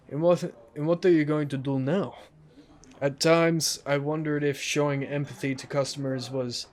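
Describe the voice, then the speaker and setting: A man hosting a let's play, reading a visual novel aloud and adding joking, self-deprecating asides. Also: medium pitch.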